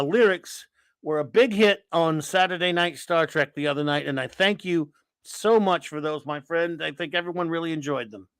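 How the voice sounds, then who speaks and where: Sarcastic rambly guy on a live stream, high-ish voice, dry close mic. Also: a bit bright, no echo. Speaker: host of a live stream chat. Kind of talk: casual live stream chat.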